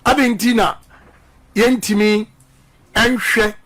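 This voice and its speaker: Speaking slowly in a high, fairly bright voice with a steady tone, a middle-aged man with a Ghanaian accent appears as a politician guest on radio. He's impassioned and emphatic, repeating slogans and switching between English and Twi.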